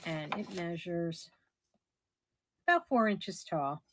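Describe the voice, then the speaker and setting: A middle-aged woman running a casual live auction, chatty and somewhat hoarse as she loses her voice. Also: on the low side, lively intonation, slow, noisy background. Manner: chatty, describes items warmly with soft laughs. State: losing her voice. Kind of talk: casual live-stream selling.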